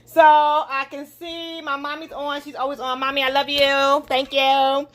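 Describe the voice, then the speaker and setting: High-voiced woman ranting from her kitchen. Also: moderate pace. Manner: animated and indignant, talks to listeners directly. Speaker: podcast host. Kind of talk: casual podcast monologue. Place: home kitchen while cooking.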